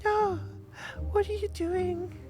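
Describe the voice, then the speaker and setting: A man voicing a shy, excited four-year-old gnome girl, with breathy gasps and small drawn-out words. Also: extremely high pitch, faint music behind, pitched above the performer's own voice. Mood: shy curious.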